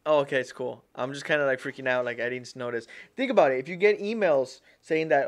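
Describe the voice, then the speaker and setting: A man's voice: medium pitch, fast. A man hosting a casual tech-tips livestream, rambling and repeating himself, often calling his viewers "guys". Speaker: livestream host.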